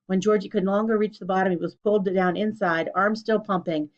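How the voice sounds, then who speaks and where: A woman reading a children's storybook aloud in a clear, steady way. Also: mid-range voice, a little fast. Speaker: narrator. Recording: dull lo-fi recording.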